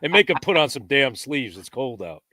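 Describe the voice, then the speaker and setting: A man hosting a podcast, teasing his guest and telling a story in a relaxed, joking way. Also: mid-range voice, moderate pace, dry recording, clean studio sound. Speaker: podcast host. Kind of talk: joking casual chat and anecdote.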